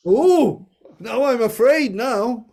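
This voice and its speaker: A man leading a group reading of a scripture story, telling it slowly with playful asides. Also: very high-pitched, animated, creaky, a little mellow.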